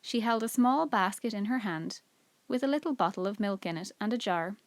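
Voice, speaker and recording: A teacher reading a children's book aloud in clear, even storytelling. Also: female voice, medium pitch, fairly quick, no echo.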